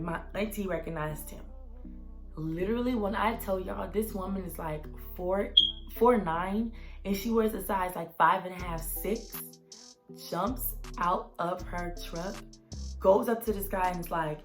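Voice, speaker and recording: A young woman telling a personal story in a casual vlog, animated and dramatic, with lots of "like" and "y'all". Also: lowish voice, measured pace, soft background music.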